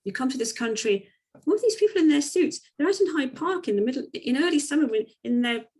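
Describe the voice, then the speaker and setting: A woman putting on the high, exclaiming voice of an amazed fellow coach. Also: expressive, brisk, far from the mic. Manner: high, loud, mock-exclaiming. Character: excited woman coach marvelling at summer crowds.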